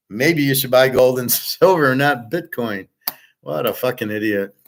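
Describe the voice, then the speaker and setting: A man's voice: mid-range voice, slight background noise. A man hosting a livestream, ranting and reading chat comments in a profane, sarcastic, combative way. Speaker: host.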